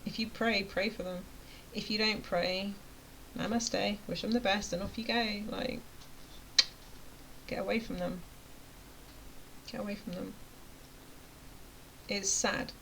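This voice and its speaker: A woman's voice: medium pitch, fairly even intonation, takes it slowly, gravelly, long pauses, fairly bright tone, a little hiss or hum, rough recording. A woman running a motivational rant to camera, chatty and emphatic, sometimes dropping to a near-whisper. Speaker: vlogger and web design coach.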